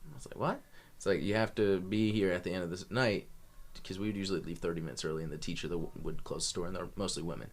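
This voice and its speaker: A man's voice: low voice, fast talker. A young man telling a long story as a podcast guest, rambling with many restarts. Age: young adult. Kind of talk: casual storytelling.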